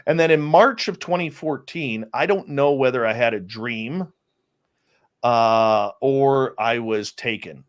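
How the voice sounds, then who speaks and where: Man telling a story in casual chat. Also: mid-range voice. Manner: animated storyteller with many restarts. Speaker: interview guest, radio host.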